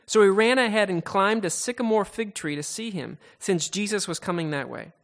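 A man's voice: high-pitched, normal speed. A man preaching a sermon, retelling a story dramatically with frequent restarts and stammers.

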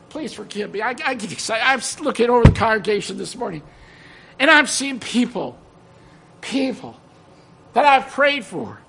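A man's voice: extremely high pitch, gravelly, husky. A man preaching a sermon to a congregation in a church, emotional and exclaiming praise, breaking into sung hymn lines. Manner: exclaims praise, apologizes for excitement. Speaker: guest preacher.

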